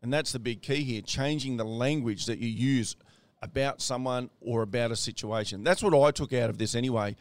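A man hosting a challenge program, talking in a calm, encouraging, unhurried way. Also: mid-range voice, no room sound. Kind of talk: casual motivational chat.

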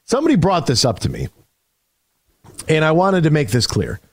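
A man's voice: a little high, wildly swooping pitch, normal speed, breathy edge, dry recording. A man hosting a sports radio show in a casual, emphatic style, often restarting his sentences. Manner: conversational, emphatic, frequent restarts.

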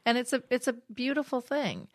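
A woman's voice: high-pitched, big pitch swings, brisk, no room sound, studio quality. A woman hosting an interview, reflective and affirming, talking with her guest. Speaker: host. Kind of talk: interview conversation.

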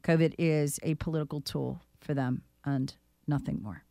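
A woman's voice: low voice, fairly even intonation, normal speed, gravelly, warm tone, dry recording, clean studio sound. A woman hosting a talk show, speaking in an indignant, sarcastic way. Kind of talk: opinionated talk radio chat.

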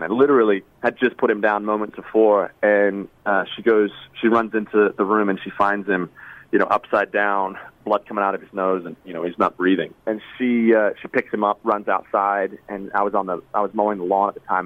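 Man, low voice, earnest and halting, thin phone-like sound, dry. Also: steady tone, no room sound. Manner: earnest, halting, with many restarts. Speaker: interviewed singer. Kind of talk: emotional personal interview.

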